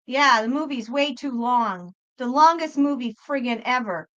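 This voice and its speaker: A woman's voice: on the high side, normal speed, a bit bright, dull audio. A woman hosting a psychic livestream, talking back to her chat in a profane, exasperated rant. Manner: talks back to chat viewers.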